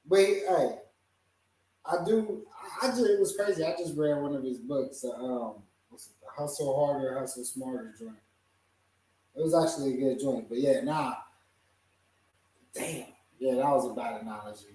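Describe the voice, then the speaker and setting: A man's voice: medium pitch, moderate pace, mellow, slight background noise. A man hosting a casual podcast chat, easygoing, laughing often and hedging with fillers. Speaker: podcast host. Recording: echoey room, voice far from the mic.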